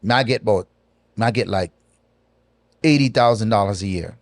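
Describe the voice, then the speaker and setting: A man's voice: fairly low pitch, dry recording. Man with speech. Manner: animated, patois-laced, drawn-out pauses. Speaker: guest. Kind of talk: casual storytelling interview.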